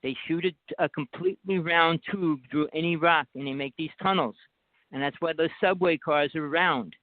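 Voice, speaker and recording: A man with a New Jersey accent talks on and on in a rambling phone chat, insistent and hard to interrupt. His voice sits a little high for a man. The sound is dry and squeezed thin like a phone call. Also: moderate pace, dry recording. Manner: insistent, talks over the other speaker. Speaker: guest. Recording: dry tinny phone line.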